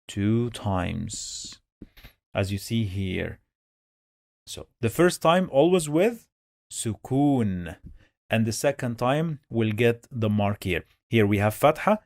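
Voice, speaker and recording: Slow, patient male reading teacher. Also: fairly low pitch, a little mellow, dry recording, clean studio sound. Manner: patient, repeats each syllable several times. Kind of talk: slow step-by-step lesson.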